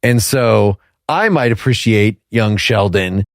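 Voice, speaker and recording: A man's voice: lowish voice, expressive, slow, no echo, clean studio sound. A man co-hosting a podcast in casual talk, musing aloud and laughing between thoughts. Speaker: podcast co-host.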